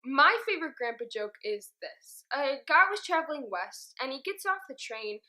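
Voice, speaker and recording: A woman tells a family joke to the camera with animated energy. Her voice is high and bright. She leans into each turn of the story. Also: moderate pace.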